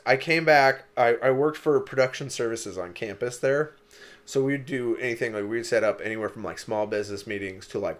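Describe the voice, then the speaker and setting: A young man from Wisconsin, co-hosting a podcast and telling stories in casual chat, rambling with lots of "like" and swearing. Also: medium pitch. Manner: rambling storyteller, lots of "like" and cursing. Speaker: podcast co-host.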